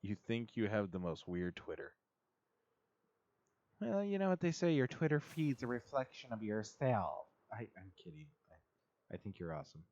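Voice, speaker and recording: A man's voice: lowish voice, big pitch swings, moderate pace, darkish tone, no room sound. A man chatting casually and laughing often while livestreaming a game and answering his chat. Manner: giggly, chatty, reads chat aloud. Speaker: streamer. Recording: dull, dry lo-fi mic.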